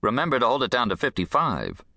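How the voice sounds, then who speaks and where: A man's voice: medium pitch, wildly swooping pitch, quick pace, bright, forceful tone, no echo, clean studio sound, voice pushed up, full character voice. A man playing a firm, probing probation officer.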